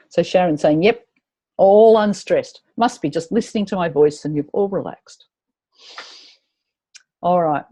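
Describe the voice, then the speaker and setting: A woman's voice: fairly low pitch, measured pace, long pauses, dark tone. A woman leading a live tapping webinar, chatty and encouraging as she guides her attendees.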